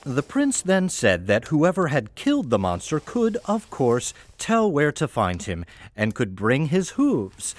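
A man's voice: fairly high pitch, huge pitch swings, a little slow, few pauses, slight background noise. A man narrating a fairy tale in a wry, playful storytelling manner over faint music.

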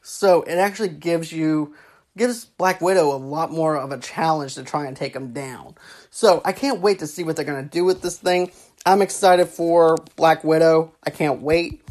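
A woman's voice: sits low, darkish tone. A woman giving casual, rambling movie commentary, often repeating herself and stacking filler phrases. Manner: rambling, repeats "actually" and "go on ahead".

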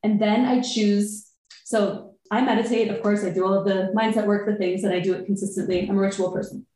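A woman chatting casually on a podcast, telling an animated story and acting out her own inner thoughts. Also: mid-range voice, brisk, heavy reverb, poor audio. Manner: animated storytelling, quotes herself.

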